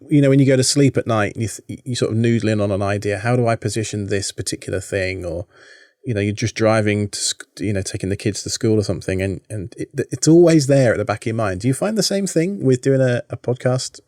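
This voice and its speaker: A man's voice: lowish voice, a little mellow, no echo, clean studio sound. A man in his thirties with a British accent, chatting casually as a podcast guest with self-deprecating asides.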